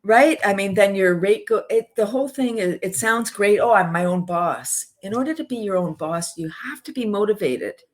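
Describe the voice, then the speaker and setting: A woman's voice: mid-range voice, lively intonation, normal speed, hardly any pauses. A woman guest on a podcast, speaking with passion and enthusiasm and using many "like" fillers. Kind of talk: casual interview chat.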